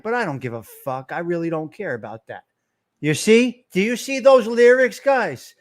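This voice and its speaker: A man hosting a casual livestream, talking loud, profane and fired-up. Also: high-pitched, expressive, normal speed. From Italian-American. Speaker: livestream host.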